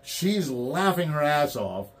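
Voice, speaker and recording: Animated toy-collecting man telling stories. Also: a little high, slow, soft background music. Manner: animated storyteller, acts out quotes. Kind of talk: casual chat.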